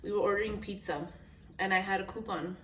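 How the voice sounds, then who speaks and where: A woman's voice: mid-range voice, steady tone, brisk, a bit bright. Young woman chatting away on camera, candid and rambly, drops a swear here and there, sounds a little far from the phone in an echoey room with faint hiss. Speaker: vlogger. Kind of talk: casual storytime chat.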